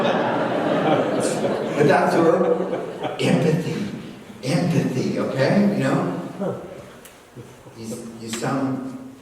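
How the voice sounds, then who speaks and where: Animated older man in an echoey hall. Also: mid-range voice, takes it slowly, long pauses. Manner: animated, acts out parent dialogue. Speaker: speaker. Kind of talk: church workshop talk. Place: church hall. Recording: echoey hall from far off, faint noise.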